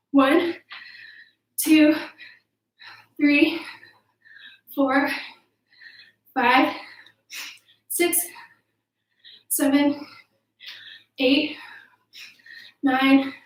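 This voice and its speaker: Upbeat woman coach leading a home workout, winded, high-pitched, recorded off-mic in a roomy space. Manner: upbeat, counting reps aloud, encouraging. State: out of breath. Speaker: youth sports coach. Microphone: camera mic at a distance. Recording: echoey room, voice from off-mic.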